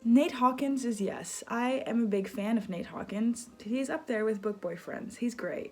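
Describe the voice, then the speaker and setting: A young woman chatting casually about books she has read, rambling and bubbly, with lively asides, filmed at home on a phone camera. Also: medium pitch. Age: young adult. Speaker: book vlogger. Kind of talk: casual chatty book review. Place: indoors at home.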